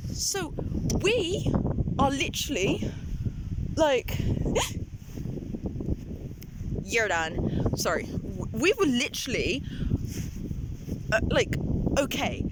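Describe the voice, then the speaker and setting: A young woman ranting about her own story in a rambling, emotional way, filming herself on a phone. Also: a little high. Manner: rambling, emotional, animated storytelling with many restarts. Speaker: vlogger. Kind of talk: ranting personal monologue. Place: outdoors, then a dark public bathroom. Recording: phone video with loud background noise.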